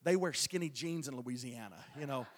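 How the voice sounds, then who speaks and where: A man's voice: medium pitch, a little fast. A male evangelist telling a testimony from the pulpit, folksy, with stammering restarts and chuckles. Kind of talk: preaching a testimony. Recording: long hall reverb.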